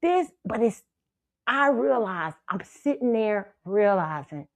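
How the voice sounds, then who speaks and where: A woman hosts her own show and tells a story in a loose, profane style that keeps breaking into laughter. Her pitch swings widely from line to line. The sound is dry and close, with no room around her. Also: slow pace, dry recording. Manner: animated, profane, laughs often. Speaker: show host. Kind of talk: casual storytelling monologue.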